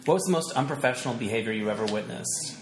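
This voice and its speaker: Quick-talking man interviewer. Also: medium pitch, lively intonation, roomy sound. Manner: quick questions, eager reactions. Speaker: interview host. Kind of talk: casual interview chat.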